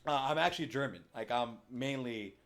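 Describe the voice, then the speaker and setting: A young man from the United States hosts a casual podcast. He rambles through his points, hedging with lots of fillers and restarting his sentences. His voice sits at an ordinary middle pitch. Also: brisk, fairly bright tone. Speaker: podcast host. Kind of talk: casual chat.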